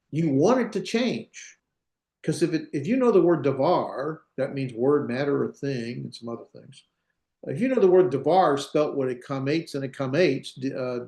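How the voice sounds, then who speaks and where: His voice is mid-range and darkish: a male Hebrew teacher delivering a grammar lecture to a class. Thinking aloud, he hesitates and corrects himself as he goes.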